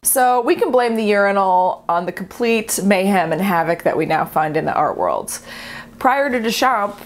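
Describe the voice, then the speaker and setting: A woman's voice: mid-range voice, animated, moderate pace. A young woman who is an artist, explaining art history in a chatty, playful, self-mocking way. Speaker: artist and video host.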